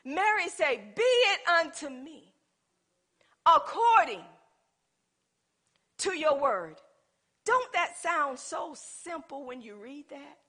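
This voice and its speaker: A woman preaching a lively sermon, acting out little scenes and talking back to God with humor. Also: high voice, takes it slowly, long pauses. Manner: animated, playful, acts out little scenes.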